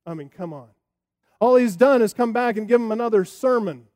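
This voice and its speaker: A man preaching a sermon as pastor, expressive and full of rhetorical questions. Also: sits high, fairly quick.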